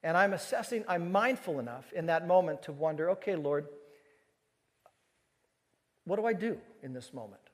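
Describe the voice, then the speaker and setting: Animated male preacher in a reverberant hall. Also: a little high, normal speed, long pauses. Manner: animated storyteller who acts out dialogue. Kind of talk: sermon storytelling to a live audience. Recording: long reverb of a large hall.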